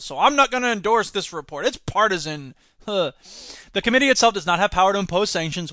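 A man's voice: high-pitched, expressive, a little fast, bright, forceful tone, no echo, studio quality. A man hosting a solo podcast, ranting sarcastically about the news. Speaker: podcast host.

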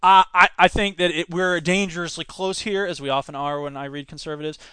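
High-voiced man in his thirties. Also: steady tone, fairly quick, sharp tone, smooth, no echo. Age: 30s. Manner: emphatic, reads quotes aloud and reacts. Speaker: podcast host and teacher. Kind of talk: opinionated education commentary.

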